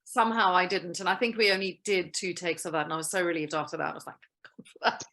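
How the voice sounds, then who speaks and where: A woman's voice: on the low side, fast. A woman, a guest actress, telling playful stories with frequent laughter in a casual interview over a video call. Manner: lively, laughing, playful storyteller.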